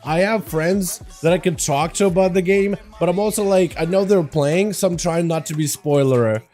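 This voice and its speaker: A man's voice: high-pitched, moderate pace, darkish tone, soft background music. A young man hosting a casual gaming livestream, rambling in slangy talk and greeting chat by name while sounding tired. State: tired, no coffee. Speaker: livestream host. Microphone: desk mic in front of green screen.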